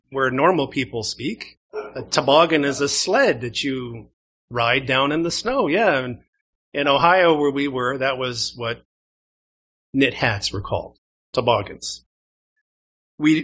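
A man's voice: mid-range voice, sharp tone. A man from Canada with a Canadian accent, preaching a sermon to a congregation in a conversational way and asking them questions. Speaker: pastor. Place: church.

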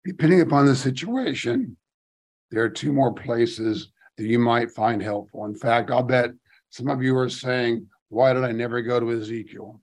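At medium pitch and moderate pace, a darkish-toned man reads scripture aloud for a Bible study. His casual side comments interrupt the reading, and his voice rises emphatically on key phrases.

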